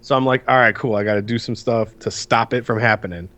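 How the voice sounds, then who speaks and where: A man's voice: on the low side, fast. Man, podcast co-host, foul-mouthed, ranting, stuffy sinuses. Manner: profane, ranting, animated storytelling. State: congested from sinus issues. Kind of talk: casual podcast chat.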